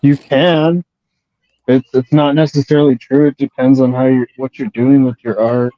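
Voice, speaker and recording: A man's voice: mid-range voice, level tone, normal speed, dry recording, highs cut off. A young man in casual chat, laid-back, answering in short, easygoing replies.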